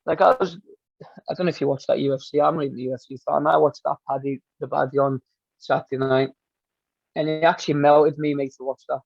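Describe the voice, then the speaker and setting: Glaswegian coach guest, gravelly, earnest, dull dry lo-fi recording. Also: male voice, on the high side, steady tone, quick pace, no echo. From Scotland. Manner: earnest, heartfelt. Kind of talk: casual interview chat.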